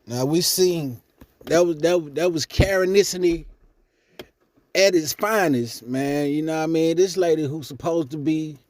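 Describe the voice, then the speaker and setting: High-voiced man giving blunt commentary. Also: a little slow, darkish tone, dry recording. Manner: blunt, profane, rising when indignant. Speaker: commentary vlogger. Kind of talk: casual reaction commentary.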